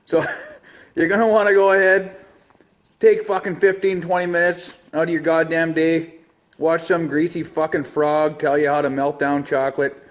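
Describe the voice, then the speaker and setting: A man's voice: on the high side, little pitch movement, normal speed. A man, giving a crude, swear-filled mock-serious how-to as a comedy vlog host in a shop. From Canada. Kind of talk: profane deadpan comedy monologue. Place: shop or garage.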